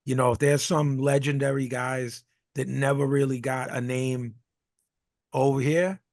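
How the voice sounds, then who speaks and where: A man with a gravelly, creaky edge rambles through casual podcast chat. He stops, restarts and fills gaps with "um" and "you know". The sound is close and dry, with no room around it. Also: medium pitch, level tone, measured pace, darkish tone, no room sound. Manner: rambling, many restarts and fillers. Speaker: podcast co-host.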